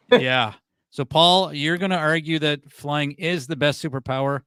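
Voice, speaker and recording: Smooth-voiced man moderating a comedy debate. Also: on the high side, steady tone, unhurried, fairly bright tone, dry recording. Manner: laid-back, laughing, moderating. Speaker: podcast host, debate moderator. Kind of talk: casual comedy podcast hosting.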